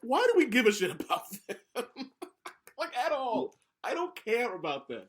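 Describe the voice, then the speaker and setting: A young man co-hosting a casual podcast, telling stories with lively acted-out quotes and frequent swearing. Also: very high voice, moderate pace, breathy edge. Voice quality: profane, animated storyteller acting out quotes. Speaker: podcast co-host.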